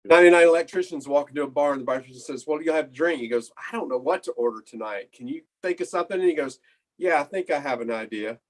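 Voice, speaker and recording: A man improv player telling pun jokes briskly, acting out short exchanges. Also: on the high side. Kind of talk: casual joke telling.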